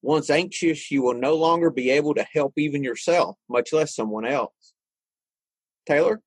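A man hosting a casual online group discussion, relaxed and conversational, laughing easily. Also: a little high, normal speed, slightly rough, dry recording. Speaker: host.

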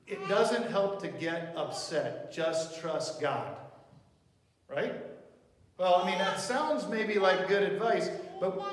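A man with a high voice preaches slowly and unhurriedly, talking with his listeners through questions. He is heard from some distance in a large, echoing church sanctuary with long reverb. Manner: conversational preaching with rhetorical questions. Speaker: pastor. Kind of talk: sermon. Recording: roomy hall reverb, mic at a distance.

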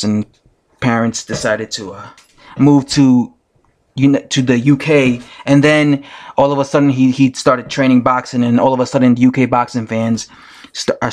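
A man rants on camera, speaking directly to his viewers. He keeps circling back to the same argument with an insistent, repetitive push. His voice sits at an ordinary male pitch. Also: a little mellow. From United States. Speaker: vlogger. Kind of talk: ranting commentary vlog.

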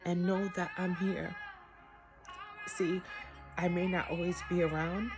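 A woman's voice: on the low side, flat delivery, measured pace. A woman recording a heartfelt graduation message for her niece, tearful and crying as she talks, earnest and rambling. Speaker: aunt giving a graduation message. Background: music.

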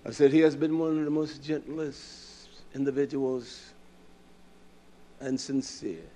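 Preaching man, hushed to loud. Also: mid-range voice, steady tone, measured pace, slight background noise. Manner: asks the congregation questions and answers them himself. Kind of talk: sermon.

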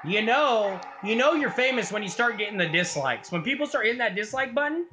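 A woman vlogging casually from her home on a phone held at arm's length, loud and giggly, with crude jokes and sudden shouts. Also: on the high side, expressive, a little fast, hardly any pauses, very noisy. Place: home, in a bedroom. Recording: echoey indoor room.

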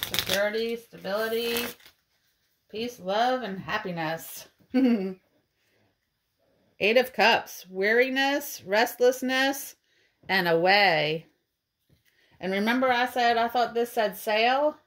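Female tarot reader, slow measured delivery, gentle and encouraging tone. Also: a little high. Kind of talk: tarot card reading for viewers.

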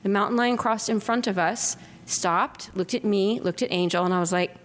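A middle-aged woman from Southern California telling lively stories to an audience as an author giving a talk, acting out quotes with whispers. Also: mid-range voice, normal speed. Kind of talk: anecdotal storytelling to an audience. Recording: lecture hall with long reverb, faint noise.

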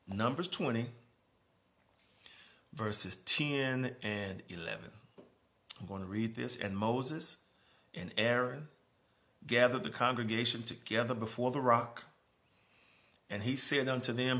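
A man preaching a sermon as pastor in a church, moving from quiet, conversational speaking to raised, emphatic preaching. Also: medium pitch, measured pace, long pauses. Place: church sanctuary.

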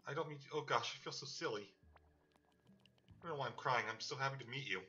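A man's voice: medium pitch, quick pace, pushed and bright, lightly acted. A man voicing a woman shopkeeper who is tearful and flustered, apologizing as she talks. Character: emotional woman shopkeeper, mother's old friend. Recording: slightly muffled with game music.

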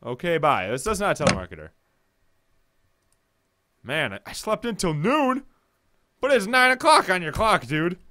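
A man's voice: sits high, normal speed, pauses often. A young man commentating a horror game as he plays it, reading the dialogue aloud and yelping at the jump scares. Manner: jumpy, excitable, yelps at scares. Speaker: gameplay commentator.

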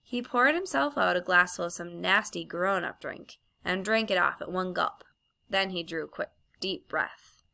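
A woman reading a children's story aloud as a storybook narrator, in an even, clear storytelling manner. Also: on the low side, normal speed. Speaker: audiobook reader.

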